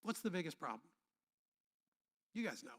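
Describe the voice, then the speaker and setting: A man pastor delivers a sermon in a high, bright voice, conversational and laced with humor. He pulls the congregation into call-and-response. His words ring out with the long reverb of a church hall. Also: big pitch swings, moderate pace, husky. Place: church sanctuary.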